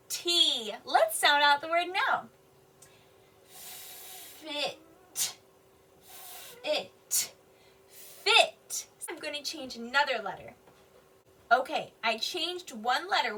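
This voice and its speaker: A high, bright woman's voice with a lively, sing-song rise and fall, teaching young children to read. She sounds out words slowly and with exaggeration, staying patient and encouraging, and her voice comes from a little way off the mic. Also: distant mic. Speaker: kindergarten teacher. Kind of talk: phonics and reading lesson for young children.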